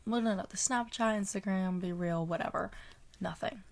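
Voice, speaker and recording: A young woman co-hosting a podcast, telling a creepy story in casual chat and dropping into hushed whispers for suspense. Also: mid-range voice, moderate pace, vocal fry. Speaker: podcast co-host.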